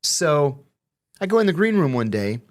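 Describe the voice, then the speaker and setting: Measured male interview guest. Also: on the high side, big pitch swings. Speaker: guest, former intelligence officer. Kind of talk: conversational interview anecdotes.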